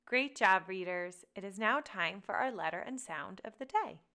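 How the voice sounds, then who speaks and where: A woman's voice: medium pitch, lively intonation, moderate pace, pushed and bright. A woman teaching phonics to young children, sounding out letters one at a time and guiding them step by step. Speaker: reading teacher.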